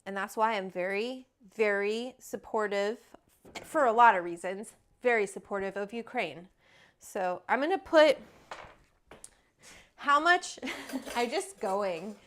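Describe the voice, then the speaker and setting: A woman's voice: mid-range voice, animated, takes it slowly, a bit bright. A woman from Alberta, Canada, hosting a casual cooking livestream in her home kitchen, chatty and rambling with casual swearing. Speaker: cooking show host.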